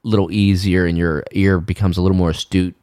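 A man's voice: low voice, level tone, fairly quick, a little mellow. A man co-hosting a podcast, chatting casually and circling back with questions. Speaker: podcast co-host. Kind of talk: casual chat.

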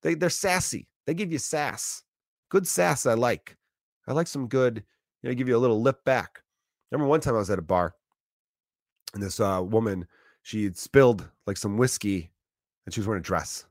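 A man in his thirties talking in a loose, rambling monologue, telling animated stories with restarts and swearing. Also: medium pitch, moderate pace, long pauses, no room sound, clean studio sound.

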